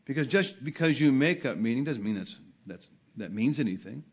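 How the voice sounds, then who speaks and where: Male pastor preaching to his congregation; stumbles and repeats, then builds to loud emphatic peaks. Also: lively intonation, brisk, husky. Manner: builds from soft, low asides to loud, high emphatic peaks; frequent hesitations and repeated words. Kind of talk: sermon.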